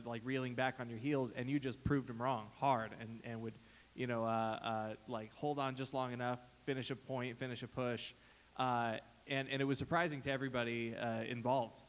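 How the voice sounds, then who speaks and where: A man asking a long, rambling question at a press conference, full of fillers and restarts. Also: medium pitch. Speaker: reporter. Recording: reverberant hall.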